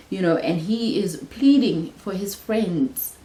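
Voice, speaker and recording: A woman's voice: medium pitch, slow, dark tone, roomy sound, poor audio. A woman hosting a Bible study, who teaches in a casual, earnest way and thinks aloud, often restarting her sentences.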